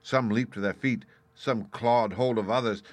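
A man reading a story aloud in steady, measured scripted narration. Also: medium pitch, no room sound. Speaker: audiobook narrator.

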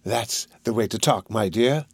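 A man reading an audiobook, voicing a scheming, wheedling old male fence who talks in a slow, ingratiating drawl. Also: on the low side, vocal fry, breathy edge, dry recording, clean studio sound, exaggerated voice. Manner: ingratiating, drawn-out.

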